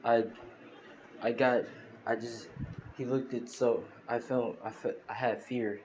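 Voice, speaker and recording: A man voicing a regretful mother who confesses in halting speech full of restarts. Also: medium pitch, flat delivery, darkish tone, slight background noise, close to an everyday voice, rough recording. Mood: remorseful.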